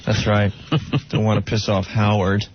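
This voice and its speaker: A man's voice: on the low side, flat delivery, background noise. A man hosting a comedy radio show, chatting casually and needling his co-host. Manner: needling, quick, reads station IDs. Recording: muffled radio broadcast with music.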